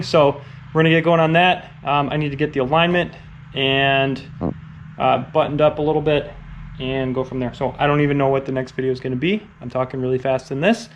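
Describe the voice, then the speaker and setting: A man's voice: mid-range voice, little pitch movement, fairly quick, a little hiss or hum. A man casually narrating his truck build in a garage, rambling with lots of fillers and upbeat asides. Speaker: car build vlogger.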